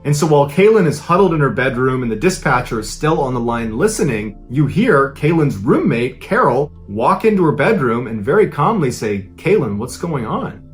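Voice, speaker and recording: A man's voice: medium pitch, big pitch swings, normal speed, few pauses, soft background music. A man hosting a podcast, telling a true-crime story in a casual, conversational way. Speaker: podcast host.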